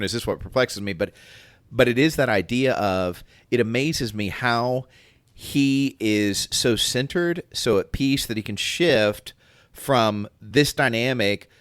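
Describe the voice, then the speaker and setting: A man's voice: mid-range voice, a bit bright, dry recording. A man co-hosting a casual faith podcast, talking things through reflectively and acting out quoted voices as he goes. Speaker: podcast co-host.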